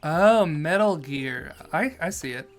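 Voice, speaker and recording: A man's voice: fairly high pitch, expressive, measured pace. A man streaming a game, chatting casually and goofily while reading chat questions aloud and answering them. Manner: goofy and jokey, reads chat aloud and answers it. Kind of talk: casual live-stream commentary while playing.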